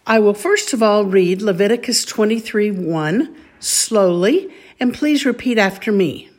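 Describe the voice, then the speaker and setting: A woman teaching a call-and-response recitation lesson, saying each word deliberately so listeners can repeat after her. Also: medium pitch, a little mellow. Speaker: Bible Hebrew teacher.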